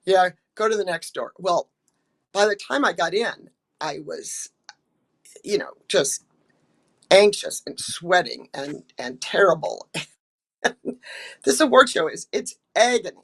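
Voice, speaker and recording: An older American actress telling stories in a casual interview, chatty and full of ums and restarts, acting out quotes. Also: female voice, lowish voice, animated, slow, creaky, pauses often, a bit bright, slightly rough.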